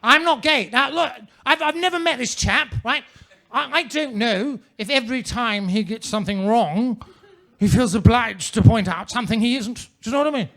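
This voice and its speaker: A man doing a stand-up set on a comedy club stage. He speaks in a high, bright voice, with pompous, ornate phrasing. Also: normal speed.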